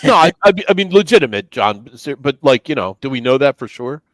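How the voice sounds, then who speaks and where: Man co-host, questioning, animated pitch swings, dry sound. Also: brisk, no echo. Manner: inquisitive, lively, presses with questions. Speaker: podcast co-host. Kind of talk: casual chat.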